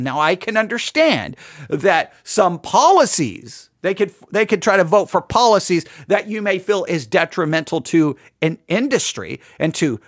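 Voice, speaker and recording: A man's voice: high voice, dry recording, studio quality. A man giving casual commentary on a sermon clip, chatty and wry, often repeating his phrases.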